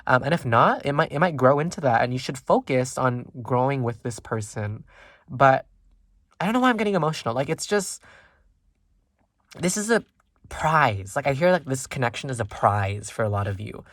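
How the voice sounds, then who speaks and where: A tarot reader giving a casual pick-a-card reading, rambling with many ums and likes while thinking aloud, gentle and reassuring toward viewers. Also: medium pitch, expressive, normal speed, no room sound, studio quality.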